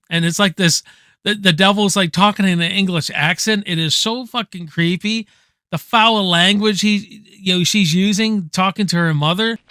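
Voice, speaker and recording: A man casually ranking favorite movies, rambling excitedly, swearing freely and tossing in "man" at every turn. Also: high voice, clean tone, no room sound, clean studio sound. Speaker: movie reviewer. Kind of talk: casual enthusiastic movie countdown.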